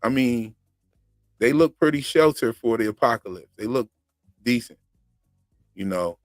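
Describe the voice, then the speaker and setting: A man's voice: mid-range voice, animated, unhurried, no room sound, studio quality, soft background music. A man hosting a casual commentary channel, joking in slang and laughing often. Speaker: channel host reacting to a TV show.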